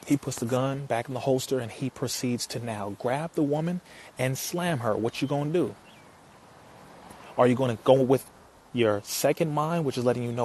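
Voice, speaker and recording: Forceful preacherly man with rhetorical questions. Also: medium pitch, normal speed, a little hiss or hum. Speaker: speaker addressing an audience. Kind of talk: impassioned motivational talk.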